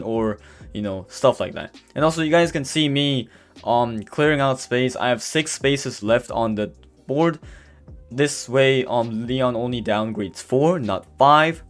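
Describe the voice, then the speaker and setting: Casual male gameplay narrator, mid-pitched, stumbling and filler-heavy, faint music underneath. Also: measured pace. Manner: rambling, full of fillers and restarts; says he is stuttering and can barely speak. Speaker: gameplay commentator. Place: voice-over recorded apart from the footage. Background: faint background music.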